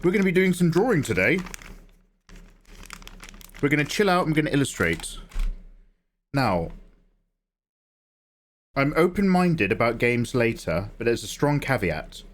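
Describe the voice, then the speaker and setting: A man's voice: medium pitch, very animated, a little slow, pauses often. A young man hosting a drawing livestream, chatting casually and rambling between jokes. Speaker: livestream artist host.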